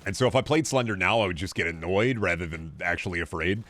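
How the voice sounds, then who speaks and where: A man in his twenties with a slightly low voice rambles through a game stream, swearing and joking. He talks back to his chat between plays in a loose, casual way. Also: quick pace, fairly bright tone, no room sound. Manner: rambling, profane and jokey. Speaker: gaming streamer. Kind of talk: casual gaming livestream chatter.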